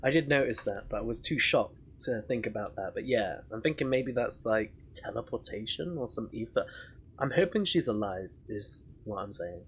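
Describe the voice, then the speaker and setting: A man's voice: on the low side, animated, normal speed, slight background noise. A man streaming a story game live, chatting casually, swearing and laughing often.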